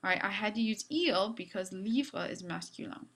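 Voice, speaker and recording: A woman's voice: medium pitch, expressive, normal speed, fairly bright tone. Upbeat woman teaching a French lesson. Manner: upbeat, playful teacher asides. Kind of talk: classroom video lesson.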